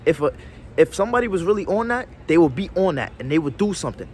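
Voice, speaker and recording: Male vlogger, casual rambling storyteller, animated delivery, recorded outside with street noise. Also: a little high, fast talker. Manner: rambling, restarts often, slangy.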